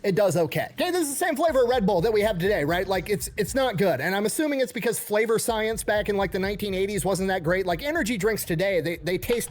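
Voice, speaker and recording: A man's voice: high-pitched, lively intonation, quick pace, hardly any pauses. A man telling a story in casual commentary, ranting with swearing and mocking voices. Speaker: video creator explaining a topic.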